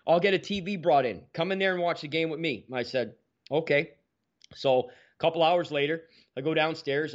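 A man tells stories as a guest on a talk show, throwing himself into them and acting out the other voices. His voice sits fairly high for a man. The sound is dull and lo-fi. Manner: animated, acts out quoted dialogue. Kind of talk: casual storytelling.

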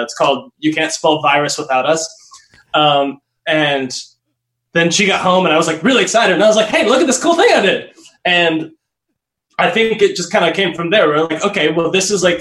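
A man's voice: a little high, fairly bright tone, roomy sound, rough recording. A man guest in a casual interview, rambling and laughing often as he trails off. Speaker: guest, Las Vegas entertainer.

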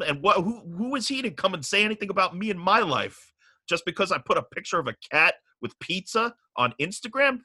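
A middle-aged man casually telling a long story on a podcast, animated and profane, getting riled up as he goes. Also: high voice, breathy edge, no room sound.

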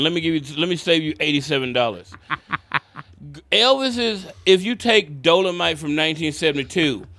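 A man's voice: fairly high pitch, vocal fry, no echo. A middle-aged man, a stand-up comedian, telling a wild story in casual chat, swearing and laughing as he goes. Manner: animated, profane, laughs through his stories.

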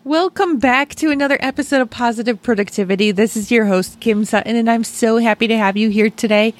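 A woman's voice: a little high, brisk. A woman hosting a podcast, welcoming her guest in an upbeat, enthusiastic way. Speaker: podcast host. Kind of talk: podcast intro and interview hosting.

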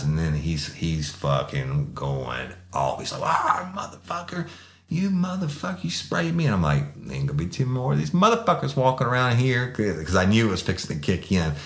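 A man, a former police sergeant, telling a crude story bluntly with lots of restarts. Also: rumbling low. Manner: blunt, profane, many restarts.

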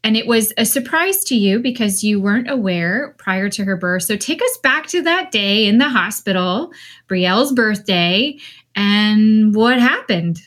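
A woman hosting an interview, asking gentle, guiding questions. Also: mid-range voice, expressive, measured pace. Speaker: interview host.

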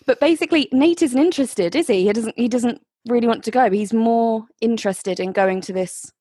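A woman's voice: a little high, fairly quick, mellow, slightly rough, no echo, studio quality. A woman co-hosting a podcast, chatting casually and with frequent giggles about a TV episode. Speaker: podcast co-host. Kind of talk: casual chat recapping a TV show.

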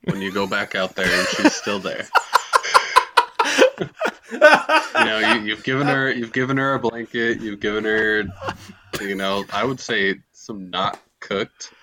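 A man co-hosting a podcast, answering in a deadpan, joking way in casual chat. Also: on the low side, measured pace, long pauses, background noise. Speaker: podcast co-host.

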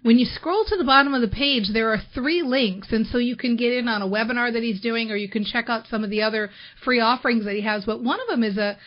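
A woman's voice: fairly high pitch, quick pace, hardly any pauses, lo-fi sound. A woman hosting a podcast, chatting enthusiastically and filling her talk with "like" and "you know". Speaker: podcast host. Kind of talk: casual interview chat.

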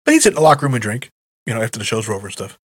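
A man telling stories as a podcast guest, animated and laughing often. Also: medium pitch, very fast, slightly rough, no room sound, clean studio sound. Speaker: guest, retired wrestler. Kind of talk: casual storytelling.

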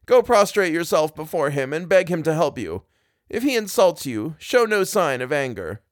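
A man's voice: fairly high pitch, sing-song, normal speed, no echo, studio quality, pitched above the performer's own voice. A man voicing a stern old priest who commands and rages in a storybook reading. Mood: grave. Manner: commanding, shouts in anger. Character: stern old Taoist priest, quick to rage.

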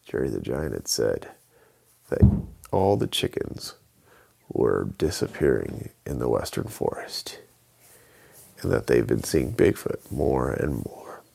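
Deep, gravelly storyteller man. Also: a little mellow. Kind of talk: children's bedtime story narration.

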